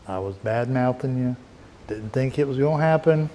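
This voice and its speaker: A man's voice: mid-range voice, lively intonation, moderate pace, dark tone, slight background noise. A man talking casually and rambling a bit as he repairs a car outdoors, in a folksy way. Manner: rambling, folksy, talks while working. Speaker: DIY car repair vlogger. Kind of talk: casual workshop chat.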